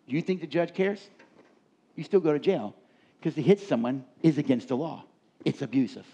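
A man's voice: a little high, normal speed, pauses often, warm tone, breathy edge. A man preaching a sermon from a stage, emphatic and repeating key words for stress. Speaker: pastor. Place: on a stage before a congregation.

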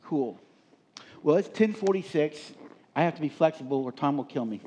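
A man's voice: a little high, lively intonation, normal speed, dark tone, slight background noise. A middle-aged man speaking at a live leadership seminar, telling stories and asking the audience questions in a conversational way. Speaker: workshop speaker.

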